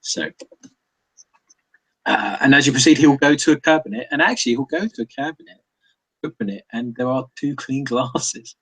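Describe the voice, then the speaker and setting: Guy running a tabletop game, kinda husky, lots of uhs and restarts. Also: mid-range voice, animated, moderate pace, long pauses, fairly bright tone, low-quality recording. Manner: hesitant, many fillers and restarts, laughs often. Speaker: game master. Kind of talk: narrating a tabletop role-playing game.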